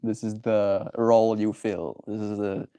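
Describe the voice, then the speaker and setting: Soft-spoken man musing on a livestream. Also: lowish voice, level tone, smooth, dry recording. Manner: gentle, musing, thoughtful pauses. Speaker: livestream host. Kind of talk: reflective livestream chat.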